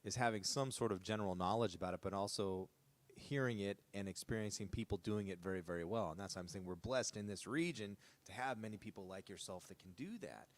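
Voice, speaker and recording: Man, low voice, interview host, casual, rambling questions. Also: fast. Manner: rambling, winding questions with asides.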